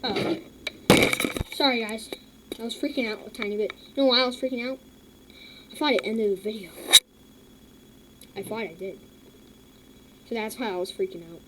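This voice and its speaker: A woman hosting a casual reaction video, mocking what she watches, repeating herself and filling pauses with lots of ums. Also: a little high. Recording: loud background noise.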